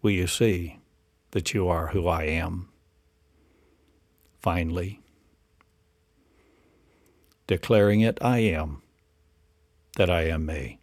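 A man's voice: deep voice, takes it slowly, long pauses, a little mellow, no room sound, clean studio sound. A man delivering a rambling spiritual monologue in incantatory, repetitive declarations and rhetorical questions.

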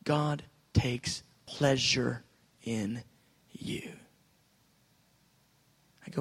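A man preaching a sermon, moving between quiet reflective speech and loud, excited outbursts as he acts out prayers. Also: fairly high pitch, measured pace, pauses often, long reverb tail. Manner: swings from soft musing to loud excited outbursts.

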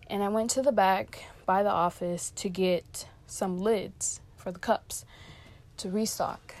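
A woman's voice: mid-range voice, darkish tone. Chatty young woman telling a story. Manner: chatty, lots of "like" fillers, quoting coworkers. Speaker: fast-food worker telling a work story. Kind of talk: casual storytelling vlog.

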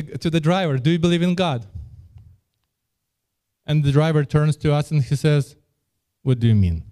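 In a fairly high voice with a darkish tone, a man preaches a sermon and tells a personal story. He speaks earnestly, often repeating words as he restarts his phrases.

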